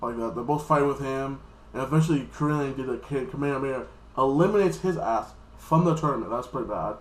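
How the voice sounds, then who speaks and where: An American man giving a casual, rambling and profane recap of an anime episode, now and then jumping into high, squeaky mock voices. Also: fast talker, roomy sound, poor audio. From United States. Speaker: anime reviewer.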